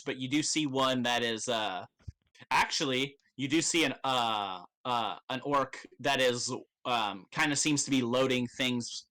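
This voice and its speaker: A man narrating as game master, loose, profane and quick to laugh. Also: mid-range voice, pushed and bright.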